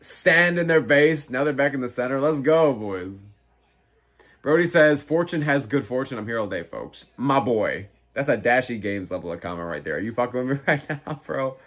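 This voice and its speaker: A man in his twenties hosting a live fight watch-along, reading chat aloud and reacting in a profane, excitable way. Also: medium pitch, normal speed. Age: 20s. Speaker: live stream host.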